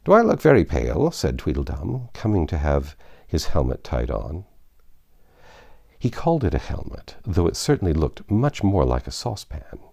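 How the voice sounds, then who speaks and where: A man with a very low, gravelly voice reads a classic storybook aloud. His delivery is theatrical, with wide sweeps of pitch and a dark, mellow tone. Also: moderate pace. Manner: expressive, theatrical reading. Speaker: narrator. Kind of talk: scripted narration of a classic novel.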